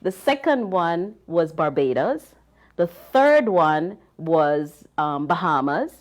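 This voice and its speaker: A woman's voice: on the low side, expressive, takes it slowly, dull audio. A woman from Jamaica with a Jamaican accent, telling chatty anecdotes with lots of fillers as a panel guest. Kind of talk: casual storytelling.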